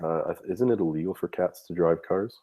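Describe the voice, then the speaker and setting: Guy with a bad cold, super deep mellow voice, teasing his co-host on a stream. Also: moderate pace. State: has a heavy cold. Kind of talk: casual live-stream chat.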